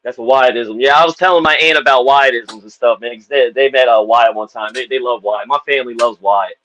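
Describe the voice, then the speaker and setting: Fast-talking laid-back interviewer man. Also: medium pitch, a bit bright, low-quality recording. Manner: laid-back, fills every phrase with "man" and "you know". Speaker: interviewer host. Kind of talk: casual interview chat.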